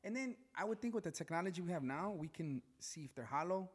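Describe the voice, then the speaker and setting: A man's voice: high-pitched, slightly rough. A young Mexican American man from Chicago co-hosting a casual podcast, talking animatedly and mixing English and Spanish. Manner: fast and animated, mixing English and Spanish, says bro a lot. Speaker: podcast co-host. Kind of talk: casual chat.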